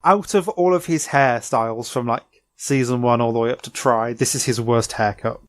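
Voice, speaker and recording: A man, co-hosting a podcast and recapping a cartoon episode in a chatty, animated way full of "like" fillers. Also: mid-range voice, normal speed, no echo. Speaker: podcast co-host.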